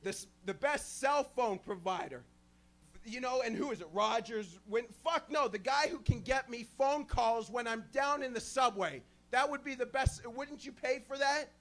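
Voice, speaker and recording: A man doing a crude, rambling stand-up set, joking about being high. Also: normal speed, few pauses, fairly bright tone. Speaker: stand-up comedian. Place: small club stage with a live audience.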